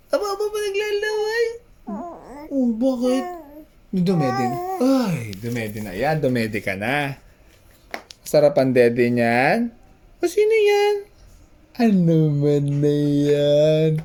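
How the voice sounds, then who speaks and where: A young woman, talking baby talk to her infant in a high sing-song coo and laughing often. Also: dark tone. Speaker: parent of the baby.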